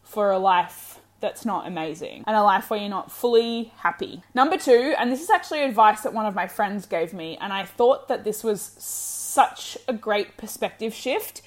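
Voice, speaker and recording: A woman's voice: mid-range voice, expressive, normal speed, few pauses. A young adult woman vlogging candid breakup advice, frank and encouraging, swearing freely. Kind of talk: candid direct-to-camera advice.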